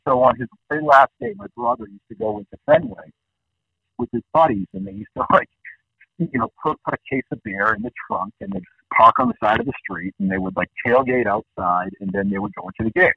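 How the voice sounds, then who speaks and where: A man in his fifties, a guest calling in, telling rambling nostalgic stories in an animated way. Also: on the high side, a little fast, vocal fry, breathy edge, no echo. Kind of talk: casual storytelling. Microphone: phone line. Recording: dull phone-call audio.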